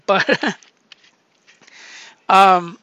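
High, bright-voiced man telling stories with a dull, dry sound. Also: very slow, no echo. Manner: profane, laughing storyteller. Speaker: podcast host reviewing comics. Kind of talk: casual comic book review.

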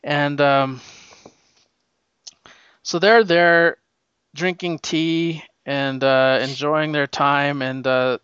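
A man recapping a comic issue in a casual, excited, rambling way, with lots of fillers. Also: on the high side, drawn-out words, pauses often, clean tone, dry recording, muffled recording. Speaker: comic book reviewer.

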